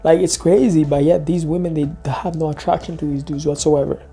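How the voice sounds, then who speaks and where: A man's voice: a little high, fairly even intonation, a little fast, vocal fry, dark tone, breathy edge, soft background music. A man giving casual reaction commentary, ranting in slang and filling gaps with "da, da, da" and "yada, yada".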